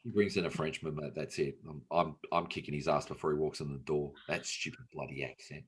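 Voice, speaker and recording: A man's voice: extremely low pitch, steady tone, brisk, breathy edge. A middle-aged Australian man, a podcast host, chatting casually and telling tall, jokey stories with the odd swear word. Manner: joking storyteller, swears casually. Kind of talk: casual chat.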